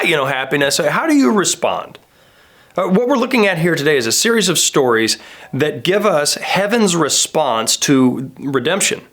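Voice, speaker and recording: This conversational sermon comes from a pastor in his thirties who speaks in a medium-pitched, fairly bright voice. He preaches in a relaxed storytelling style, acting out the people he quotes.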